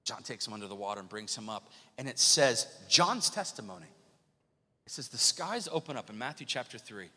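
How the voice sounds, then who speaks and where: A man preaching a sermon as pastor, lively and questioning the congregation. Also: mid-range voice, a little fast, slightly rough. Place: church sanctuary. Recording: long church hall reverb.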